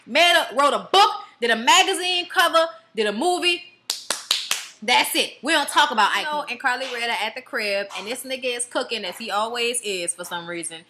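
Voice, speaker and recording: A woman's voice: a little high, lively intonation, normal speed, bright, forceful tone, a little hiss or hum. A woman giving a blunt, profane and sassy casual review of a reality show.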